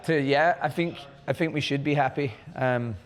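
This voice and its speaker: A man with a Scottish accent, a guest on a casual podcast, telling animated stories and acting out dialogue. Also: medium pitch, moderate pace. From Crieff, Scotland. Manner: animated storyteller, acts out quoted dialogue. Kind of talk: casual conversation. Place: bar, live recording.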